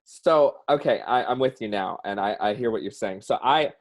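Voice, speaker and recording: A man with a Southern US accent and a lowish voice speaks at a moderate pace over a video call. As a guest in an emotional personal interview, he talks earnestly and expressively about his own experience.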